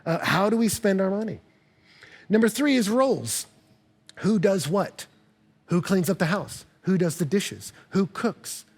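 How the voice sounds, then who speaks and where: Male pastor, sermon, high voice, husky tone, playful and animated delivery. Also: measured pace. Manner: lively, acts out couples' voices with humor.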